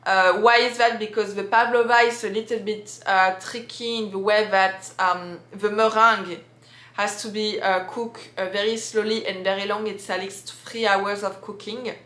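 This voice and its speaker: Bright-voiced French woman, echoey room. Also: medium pitch, fairly even intonation, normal speed. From France. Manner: hesitant, many fillers and restarts. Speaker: vlogger. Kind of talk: casual how-to vlog.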